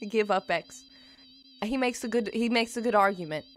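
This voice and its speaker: A woman streaming a video game live, swinging between shrieks and hushed, repetitive disbelief as she talks to her chat. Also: medium pitch, normal speed, a little hiss or hum. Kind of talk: live gameplay commentary.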